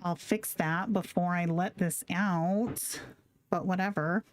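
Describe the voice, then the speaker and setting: A woman's voice: on the low side, fairly even intonation, slow. A woman hosting a live stream, chatting casually with slang and swearing while reading chat comments aloud. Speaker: livestream host.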